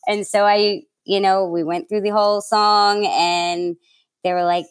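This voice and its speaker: A woman's voice: fairly low pitch, fairly even intonation, measured pace, clean tone. A young woman from New York City, a guest telling stories in a casual interview, chatty and laughing, with lots of fillers and acted-out quotes.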